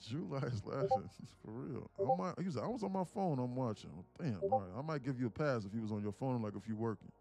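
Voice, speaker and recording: A man's voice: medium pitch, expressive, fast talker, creaky, few pauses, dark tone. A man live-streaming his day trading, bantering loosely with chat in slangy, joking talk and cursing freely.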